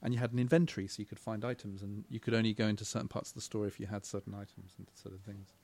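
Man from england, low pitch, gravelly, relaxed, explaining. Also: racing. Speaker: guest, game company creative director. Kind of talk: casual chat.

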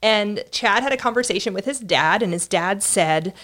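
A middle-aged woman co-hosting a podcast, telling a family story at a measured, reflective pace. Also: mid-range voice, animated, a bit bright. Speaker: podcast co-host. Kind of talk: casual storytelling with her husband.

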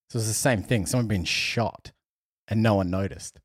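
A young man with a very low, husky voice tells a story on a podcast with lively energy. He laughs often and acts out the other people in the story. The sound is dry and close. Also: moderate pace, no room sound. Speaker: podcast co-host. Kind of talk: casual storytelling chat.

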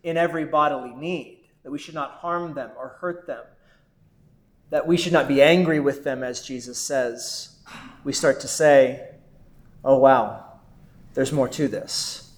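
A man's voice: a little high, normal speed, roomy sound. A man, a pastor, preaching a sermon in an earnest, conversational way, often asking his listeners rhetorical questions.

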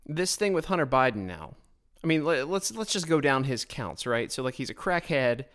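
A man speaks in a mid-range voice for his sex, holding forth alone on a podcast. His delivery is blunt and sarcastic, full of quick restarts and repeated words as he presses his points. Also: mid-range voice, sing-song, a bit bright. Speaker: podcast host. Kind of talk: political commentary monologue. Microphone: his own podcast microphone.

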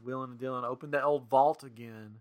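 A man's voice: mid-range voice, fairly even intonation, brisk. Jokey male podcast host. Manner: jokey, laughs often. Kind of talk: casual chat.

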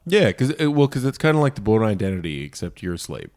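A man jokes his way through a movie chat, rambling as he goes. His voice sits on the lower side. The sound is close and dry. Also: sing-song, quick pace, darkish tone, no room sound. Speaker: podcast co-host. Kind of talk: casual movie review chat.

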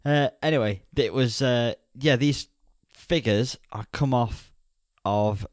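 A man, co-hosting a casual film podcast, relaxed and quick to laugh. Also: mid-range voice, no echo, studio quality. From Yorkshire, England. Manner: relaxed, chatty, laughs easily. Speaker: podcast co-host.

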